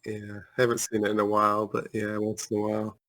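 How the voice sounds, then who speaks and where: A man hosts a comedy podcast over a video call. He keeps things relaxed and joking, and he chuckles often as he talks. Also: lowish voice, a little fast, no echo. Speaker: podcast host. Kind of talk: casual chat on a video call.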